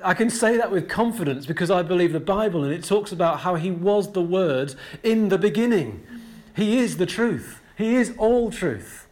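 Earnest preacher man, slightly high voice. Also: expressive, darkish tone. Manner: emphatic, stressing key words with slow deliberate repetition; conversational asides with frequent fillers and restarts. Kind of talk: sermon.

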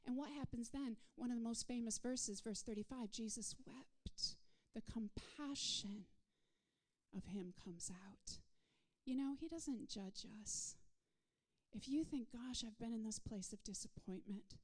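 A woman preaches a sermon in a repetitive call-and-response rhythm, swinging between soft, whispered passages and loud, rising declarations. Her voice sits on the high side, and she takes her time.

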